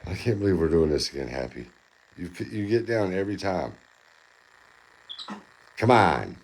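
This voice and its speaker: A man with a very deep voice coaxes his pet in a casual vlog. His tone swings widely up and down as he calls and teases. He sounds playful and encouraging. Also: very animated, normal speed, noisy background. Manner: playful, coaxing. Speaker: pet owner and channel host.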